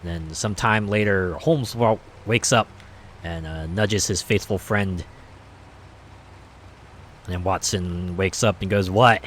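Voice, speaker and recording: Man, game streamer, low voice, casual chat, rambling, hesitant, lots of fillers. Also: steady tone, slow pace, long pauses, a bit bright, a little hiss or hum. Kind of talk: casual chat while playing.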